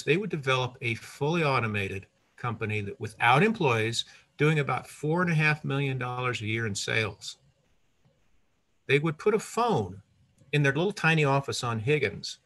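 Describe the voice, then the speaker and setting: An older man telling a personal story to an audience, lively, with asides and self-corrections. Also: medium pitch.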